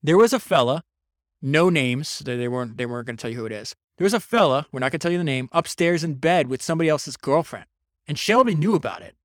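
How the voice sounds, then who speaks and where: Energetic man retelling a book, dry sound. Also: a little high, no room sound. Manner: energetic storyteller, quick asides and restarts. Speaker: podcast host reviewing a biography. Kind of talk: casual book summary.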